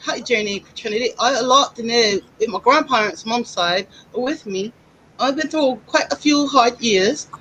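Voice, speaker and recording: A mock English-accented woman reads a letter aloud, lower and softer than her usual voice. A woman puts on the accent in fun. The voice sits fairly high overall. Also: normal speed, slight background noise, natural voice, rough recording. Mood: playful. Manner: playful put-on accent.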